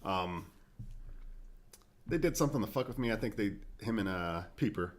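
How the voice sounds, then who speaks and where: A man co-hosting a podcast in casual chat, laid-back, swearing and giving shout-outs. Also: lowish voice, animated, moderate pace. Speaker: podcast co-host.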